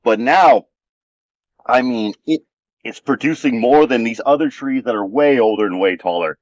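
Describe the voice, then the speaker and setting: Walking through an outdoor desert garden, a male vlog host chats in an easygoing, rambling way at a moderate pace. His voice is mid-range, and the dull, lo-fi recording is dry with no room sound.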